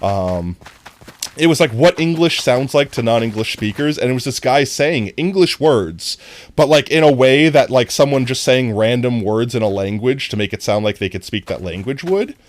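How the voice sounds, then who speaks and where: Goofy, lively-pitched streamer chatting to chat. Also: normal speed. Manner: goofy, rambling, often breaking into high laughter; talks directly to chat. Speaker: live streamer. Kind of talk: casual gameplay stream chat.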